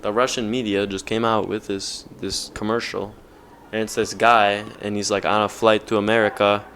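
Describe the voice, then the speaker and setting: A man's voice: on the low side, little pitch movement, moderate pace, a bit bright, a little hiss or hum. A young man vlogging off the cuff, rambling with lots of slang and filler words. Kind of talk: casual off-the-cuff vlog talk.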